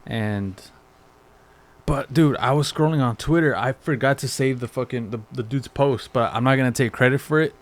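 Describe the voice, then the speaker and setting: A man co-hosting a podcast, talking in a relaxed, slangy casual chat full of fillers. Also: mid-range voice, moderate pace. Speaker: podcast co-host.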